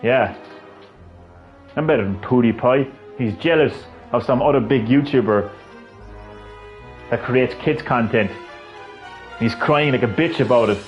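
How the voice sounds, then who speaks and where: A man's voice: mid-range voice, measured pace, pauses often, highs cut off, faint music behind. A man live-streaming a video game, with rambling, profane, ranting commentary.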